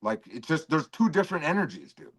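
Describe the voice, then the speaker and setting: A man's voice: on the high side, big pitch swings, fast talker, fairly bright tone. A man arguing heatedly on a livestream, aggressive and profane, mocking the other speaker. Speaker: stream guest. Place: home.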